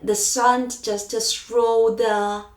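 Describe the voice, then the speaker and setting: A woman teaching Chinese pinyin, drawing out sounds and singing the tones in a slow drill. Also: fairly high pitch, flat delivery, echoey room.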